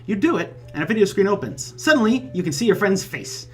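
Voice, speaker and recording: A man's voice: high voice, big pitch swings, fairly quick, soft background music. A man hosting a let's play, reading a visual novel aloud and adding wry, joking asides.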